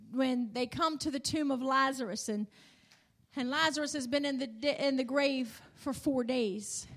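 A woman preacher delivering an emphatic sermon to a congregation, punctuated with hallelujahs. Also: sits high. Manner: emphatic, rising and falling, repeated hallelujahs. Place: church in front of a congregation.

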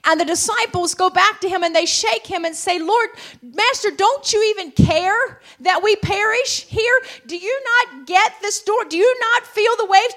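A woman preacher, delivering a sermon that builds to shouted fervor with calls of hallelujah. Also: very high-pitched.

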